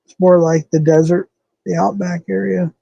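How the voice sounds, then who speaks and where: Man, live-stream host, from the american southwest, rambling casual chat, mellow tone, slightly high. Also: little pitch movement, moderate pace, vocal fry, husky, dry recording, muffled recording. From southwestern United States. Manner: rambling, loose, thinks aloud with fillers and self-corrections.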